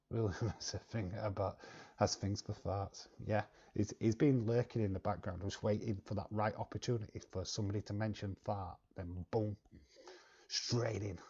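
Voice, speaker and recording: A man's voice: on the low side, steady tone, warm tone, husky. A man with a London accent, casually chatting on his home live stream and greeting viewers in the chat, with frequent laughs and hummed fillers. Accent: London English. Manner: chatty, laughs often, fills pauses with humming. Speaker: wrestling live-stream host. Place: living room at home, lit by a video light. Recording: dull lo-fi stream audio.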